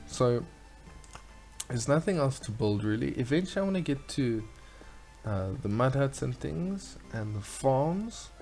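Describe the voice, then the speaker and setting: A man's voice: mid-range voice, sing-song, measured pace, gravelly, a little mellow, faint music behind. A man hosting a let's play, chatting casually and reading game dialogue aloud in a playful way. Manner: chatty, playful, reads lines in silly voices.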